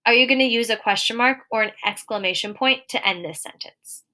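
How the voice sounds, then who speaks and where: A little high and pushed, with a bright sound, a young adult woman's voice carries a recorded lesson for young children. She is clear and encouraging, reading example sentences aloud at a slower pace.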